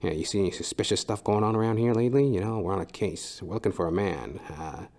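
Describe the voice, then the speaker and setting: A man playing a nosy, low-key detective. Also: quick pace, darkish tone. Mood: prying. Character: nosy male detective questioning a young worker.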